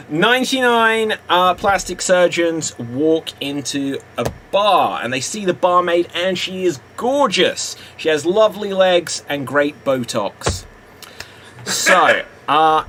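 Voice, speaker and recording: A man's voice: a little high, lively intonation, takes it slowly, fairly bright tone. A man hosting an improv game in a casual, hesitant way, laughing often between jokes. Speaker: improv host. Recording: faint background noise.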